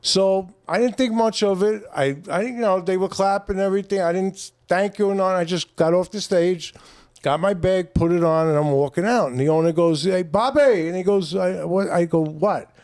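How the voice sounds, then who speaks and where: A man's voice: high-pitched, steady tone, brisk, a little mellow, clear, resonant tone, no echo. An older man, a comedian telling long stories on a podcast in a loose, rambling, profane way. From New York. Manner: rambling, profane, acts out quoted voices. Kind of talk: casual storytelling chat.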